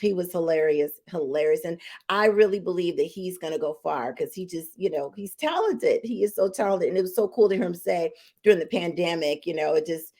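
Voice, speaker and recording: A woman's voice: on the low side, lively intonation, fairly quick, a little mellow. A woman hosting a talk show, laughing often and speaking with upbeat enthusiasm. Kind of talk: casual talk show interview.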